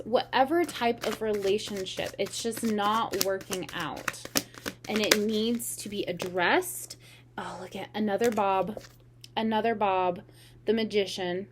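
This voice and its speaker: A woman giving a casual tarot reading, talking in an earnest, meandering way. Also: mid-range voice. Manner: meandering, earnest, slow and unhurried. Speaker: tarot reader.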